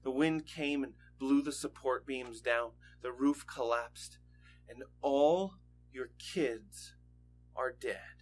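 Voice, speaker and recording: A man voices a sorrowful male servant who gently delivers terrible news in a hushed, somber voice. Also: mid-range voice, slow, faint music behind, voice pushed down, lightly acted.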